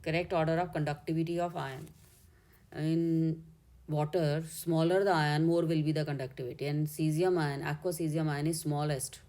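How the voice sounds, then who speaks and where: A woman's voice: low voice, fairly even intonation, moderate pace, warm tone. A woman with an Indian English accent, a chemistry teacher working step by step through exam answers and correcting herself as she goes. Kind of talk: exam solution walkthrough.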